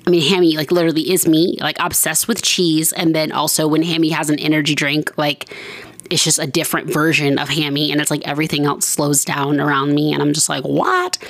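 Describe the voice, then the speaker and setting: A woman's voice: sits low, little pitch movement, a little fast, no room sound. A woman hosting a podcast in casual chat, rambling and poking fun at herself with lots of fillers. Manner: rambling and self-mocking, many fillers. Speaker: podcast host.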